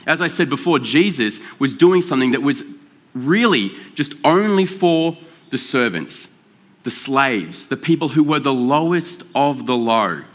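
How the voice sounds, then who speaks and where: A man preaching a sermon in a relaxed, joking, conversational way, slowing down to stress key words. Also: medium pitch. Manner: conversational and joking, with drawn-out emphasis. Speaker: pastor. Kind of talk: casual sermon.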